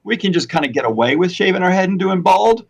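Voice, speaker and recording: A man's voice: sits high, lively intonation, fast talker, gravelly. A man and longtime hair replacement stylist in a casual chat, rambling a little and laughing often.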